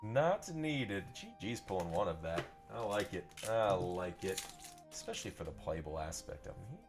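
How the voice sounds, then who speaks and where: A man's voice: low-pitched, moderate pace, over music. A young man hosting a live pack-opening stream, upbeat and chatty, greeting viewers by name and repeating phrases. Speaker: live card-breaking seller.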